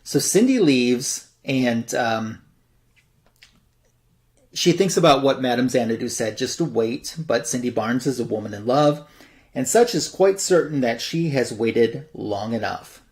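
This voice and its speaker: A man's voice: medium pitch, animated, unhurried, a little mellow. A man hosting a comic book show, casually retelling a story in a loose, rambling way full of fillers. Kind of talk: casual plot recap.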